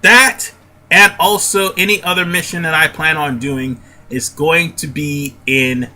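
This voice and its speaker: A man's voice: fairly high pitch, fairly even intonation, unhurried, pushed and bright. A man with a stuffy nose giving casual gameplay commentary as a let's play host. He rambles and often stops to correct himself.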